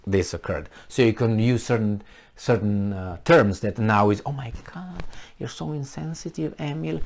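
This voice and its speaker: A man's voice: fairly low pitch, darkish tone. A man vlogging in a casual, rambling way, sarcastic and mocking, a little tipsy from wine. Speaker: political vlogger.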